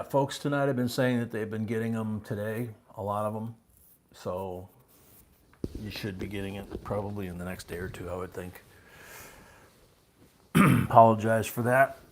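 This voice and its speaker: Older guy running a coin auction stream, low gravelly husky voice, rambly and chuckly. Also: slight background noise. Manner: rambling, chuckling, calls bids in a louder slow drawl. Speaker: live auction host. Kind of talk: casual live-stream auction chat.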